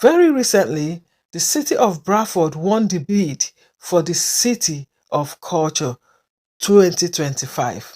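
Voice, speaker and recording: Slow, measured woman hosting an event. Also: fairly low pitch, animated, dark tone, rough recording. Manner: measured, deliberate announcing. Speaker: event host and campaign founder.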